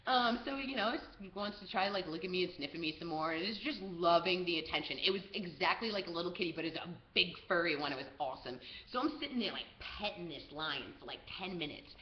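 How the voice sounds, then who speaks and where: A young woman from the US tells a travel story straight to camera. She talks in an animated way, full of fillers like "like" and "um". The audio is roomy and a little muffled. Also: on the low side, fast, few pauses, slight background noise. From USA. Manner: animated, lots of "like" and "um". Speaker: travel vlogger. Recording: roomy, slightly dull video audio.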